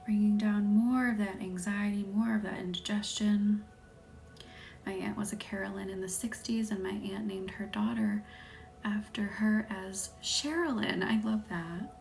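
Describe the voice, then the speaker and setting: Soft-spoken Southern woman, half whispering. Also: medium pitch, a little slow, vocal fry. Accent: light Southern American. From American South. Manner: soft, often drops to a whisper; chatty, laughs easily, thanks viewers by name. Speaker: Reiki practitioner hosting a live stream. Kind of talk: live-stream chat with viewers during a Reiki session. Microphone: phone or webcam on a live stream.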